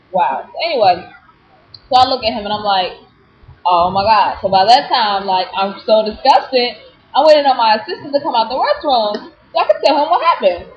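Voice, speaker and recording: Indignant woman ranting on a lo-fi vlog. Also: a little high. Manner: animated, indignant storytelling with many fillers. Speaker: vlogger. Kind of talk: casual vlog rant. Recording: dull lo-fi webcam audio with faint hiss.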